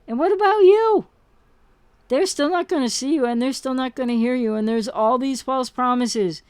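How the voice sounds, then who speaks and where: A relationship recovery coach delivers an impassioned monologue straight to camera, her high, clear voice resonant and at normal speed. She asks rhetorical questions and repeats words for emphasis, and the clean studio recording has no echo.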